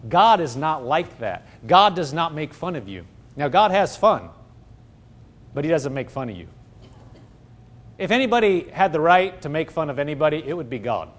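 A man preaching a sermon, swinging from loud, excited exclaiming to low, hushed tones.

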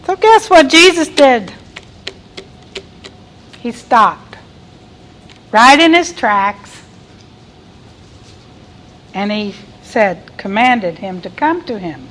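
Slow-preaching woman with a high voice. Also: animated, rough recording. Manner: reads scripture aloud and cries out quoted lines loudly; asks the listeners questions. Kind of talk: sermon.

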